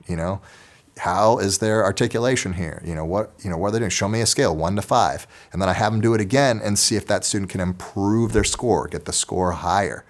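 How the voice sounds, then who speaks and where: Low-voiced man teaching fellow teachers. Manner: conversational, with frequent restarts and fillers. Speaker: orchestra teacher. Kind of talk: casual instructional talk to teachers.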